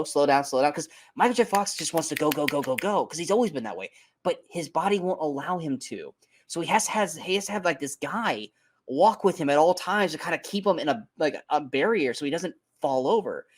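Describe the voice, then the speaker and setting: A man co-hosting a casual movie review podcast, talking in an animated, emphatic way, swearing freely and tripping over his words. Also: on the high side. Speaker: podcast co-host.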